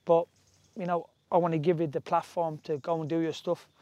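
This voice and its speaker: A man's voice: on the high side, level tone, fairly quick, dark tone, no room sound, muffled recording. A man from Ireland in his forties, a former footballer telling stories in casual chat, full of restarts and asides. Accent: Irish. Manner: rambling storytelling with restarts.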